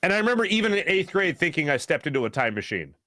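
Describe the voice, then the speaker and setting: A man hosting a casual talk show, rambling through stories with many fillers and animated asides. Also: a little high, fast talker, no room sound, clean studio sound. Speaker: show host.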